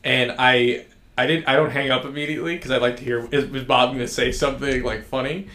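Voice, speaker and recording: A man with a medium-pitched, pushed, bright voice talks fast with fairly even intonation. As a podcast co-host, he tells stories and shares movie opinions enthusiastically in casual chat, recorded in an echoey room.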